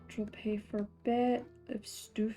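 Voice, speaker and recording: Slow-talking woman in a put-on Scottish accent. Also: on the high side, flat delivery, warm tone, soft background music. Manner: giggly, chatty, muttering to herself while playing. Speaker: streamer playing a farming game. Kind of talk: casual gameplay chat.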